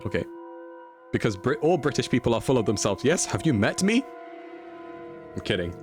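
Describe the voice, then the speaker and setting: A man's voice: mid-range voice, sing-song, moderate pace, over music. A man streaming a video game, chatty and playful, laughing often as he talks to his chat. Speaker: livestreamer.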